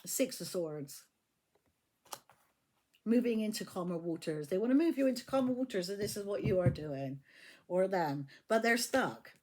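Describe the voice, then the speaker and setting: A woman's voice: medium pitch, expressive, normal speed, background noise. A woman giving a casual tarot reading, blunt and profane, often repeating her phrases. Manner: blunt, swears freely, repeats herself. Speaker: tarot reader.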